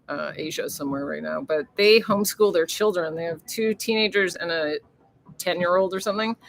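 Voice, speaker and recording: A woman's voice: on the low side, a bit bright, a little hiss or hum. A woman hosting a casual livestream, chatting and reading viewer comments aloud, swearing freely. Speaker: livestream host.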